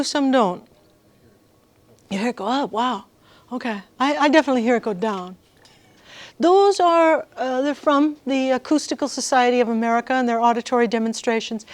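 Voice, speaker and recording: A woman giving a workshop lecture to music students, lively and engaging the audience with questions. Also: high-pitched, no echo. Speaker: guest lecturer.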